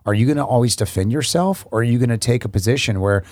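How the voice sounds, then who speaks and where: A man's voice: mid-range voice, fast, a little mellow, dry recording, studio quality. A man in a casual Bible discussion who reads a passage aloud and reflects on it in an encouraging way. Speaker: co-host of a devotional talk.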